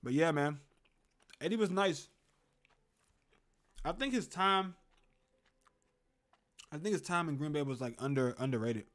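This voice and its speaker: This young sports host streams his reaction to a football game from a room with a closet at home, rambling and welcoming chat viewers. His fairly high, fairly bright voice is unhurried, with long pauses.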